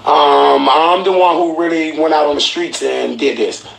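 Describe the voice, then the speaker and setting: Gravelly excitable man in echoey room. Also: fairly high pitch, normal speed. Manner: excitable, profane, acts out quotes. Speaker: podcast host. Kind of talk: animated storytelling commentary. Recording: roomy echoey room, faint noise.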